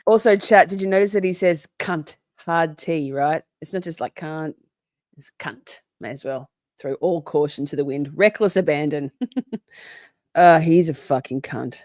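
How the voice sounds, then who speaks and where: A woman's voice: low-pitched, moderate pace, darkish tone, no room sound, clean studio sound. A woman giving casual, profane, sarcastic reaction commentary to a clip, with frequent laughing asides. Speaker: commentary streamer.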